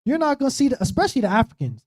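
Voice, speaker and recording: This man's voice is very high, swinging wildly in pitch, racing along with a slightly mellow quality. He's a preacher running a casual Bible study on a streamed church talk show, talking conversationally and repeatedly asking "right?".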